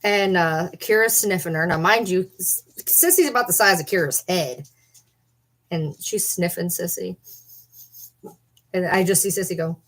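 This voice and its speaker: A woman's voice: lowish voice, measured pace, pauses often, fairly bright tone. A woman chatting casually to camera from her bed at home, breaking off to coo at her pets. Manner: chatty, drifts into baby talk with her animals. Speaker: vlogger.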